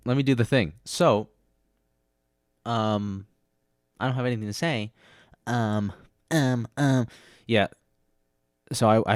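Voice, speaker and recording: Low-voiced male podcast host, joking and rambling, dry close sound. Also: no room sound. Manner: rambling, self-mocking, joking. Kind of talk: casual podcast chat. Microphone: close studio mic with headphone monitoring.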